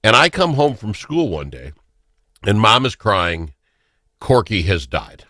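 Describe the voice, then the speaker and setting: A man hosting a talk show, telling stories in a casual, excitable way. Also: fairly low pitch, measured pace, no room sound, clean studio sound. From Minnesota. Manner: animated, excitable storyteller. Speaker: radio talk show host. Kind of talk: casual storytelling chat.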